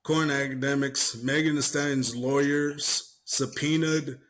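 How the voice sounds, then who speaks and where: Unhurried and mid-range, a young co-host recaps an online dispute on his podcast. The casual chat is animated and profane, with mimicked voices and plenty of laughing.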